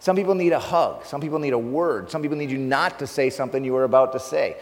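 A man telling a funny story in a sermon, laughing often and speaking with animated energy as a preacher. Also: medium pitch, fast, big-room sound.

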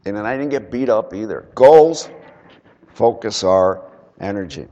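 A man preaching a sermon and telling a personal story, swinging from loud emphatic bursts to quiet, low asides. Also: moderate pace, dull audio. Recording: long hall reverb.

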